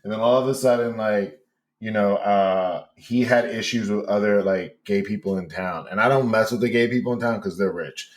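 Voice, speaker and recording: A man with a New York accent, a podcast guest telling a story loudly and campily, laughing often. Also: on the low side, moderate pace. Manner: loud, campy, laughs often. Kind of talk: animated storytelling.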